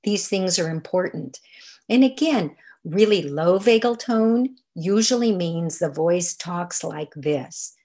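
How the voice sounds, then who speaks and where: An older woman giving an online lecture over slides, explaining in a soft, unhurried way. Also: medium pitch, expressive. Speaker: movement teacher.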